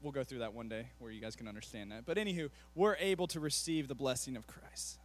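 A man preaching a sermon as a youth pastor, animated, with rapid asides between slow, emphatic phrases. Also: medium pitch. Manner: animated, acts out quotes in a mocking voice.

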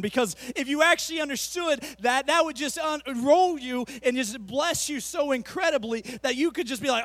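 A man preaching a sermon as a youth pastor, animated, with rapid asides between slow, emphatic phrases. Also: extremely high pitch, dry recording. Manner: animated, acts out quotes in a mocking voice.

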